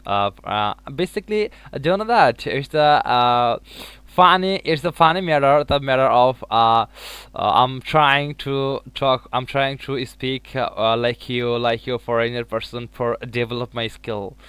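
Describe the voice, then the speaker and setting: A man's voice: medium pitch, unhurried, a bit bright, smooth, dry recording. A man chatting casually in English as a learner, hesitant, with many fillers and frequent laughs. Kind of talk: casual chat in second-language English.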